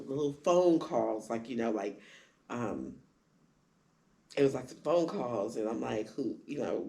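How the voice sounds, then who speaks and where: Gravelly woman telling her story candidly. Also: mellow. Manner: acts out quoted dialogue with big pitch jumps. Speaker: guest sharing her story.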